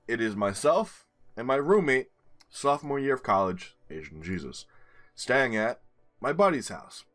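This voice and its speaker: A man in his twenties doing casual gameplay commentary as a streamer, telling a story in an animated way with casual swearing. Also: lowish voice. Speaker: game streamer.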